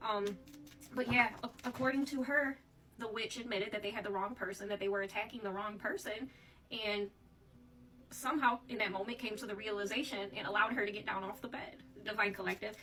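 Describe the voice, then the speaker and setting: A woman's voice: medium pitch, steady tone, fairly quick, bright, forceful tone, recorded from a distance, low-quality recording. A woman giving a casual tarot reading, chatting to her viewers and often calling them "Divine Collective". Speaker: tarot reader.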